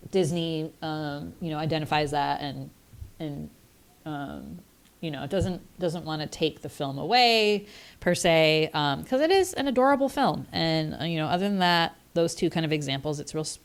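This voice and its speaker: A woman's voice: deep voice, normal speed, clean tone. A woman co-hosting a podcast, talking over a film in casual chat and thinking aloud as she goes. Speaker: podcast co-host.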